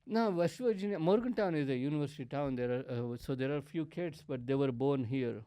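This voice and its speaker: A man's voice: fairly high pitch, brisk, warm tone, no echo, clean studio sound. A man from India, a podcast guest, bantering in a teasing, mock-defensive way. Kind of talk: casual banter.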